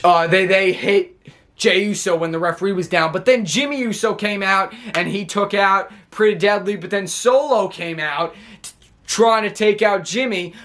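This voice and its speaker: A man's voice: sits high, fairly bright tone. A man hosting a casual vlog, reviewing a wrestling show in a rambling way as he talks his way through each event.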